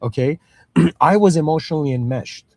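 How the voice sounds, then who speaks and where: A man in his thirties with Middle Eastern roots gives a casual spoken lecture, peppered with "you know" and "okay," and acts out parent and child voices in little dialogues. His voice is fairly high and creaky with a darkish tone, delivered at a moderate pace with no echo.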